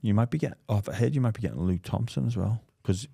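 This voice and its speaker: Low-voiced Liverpool man telling stories. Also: quick pace, creaky, slightly rough, no room sound, clean studio sound. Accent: Liverpool English. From England. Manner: rambling, animated storytelling with acted-out quotes. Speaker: podcast host. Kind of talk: casual chat.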